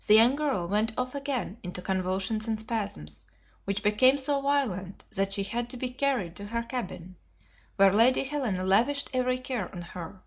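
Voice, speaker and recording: A woman narrating an audiobook in a steady, measured reading. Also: mid-range voice. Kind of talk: scripted narration. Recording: dull lo-fi audiobook recording.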